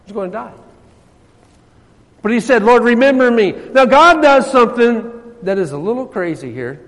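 A man preaching a sermon as pastor, swinging between loud emphasis and soft, hushed passages. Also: very high-pitched, animated, moderate pace, long reverb tail.

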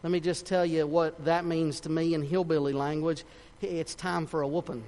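High-voiced preacher in a ringing church. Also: male voice, flat delivery, normal speed. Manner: fervent, folksy, swings between shouting and hushed tones. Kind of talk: sermon. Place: church sanctuary. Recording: long reverb of a church hall.

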